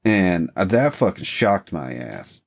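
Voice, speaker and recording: Podcast co-host, male, low register, laid-back and profane. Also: very animated, slow, vocal fry. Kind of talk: casual chat.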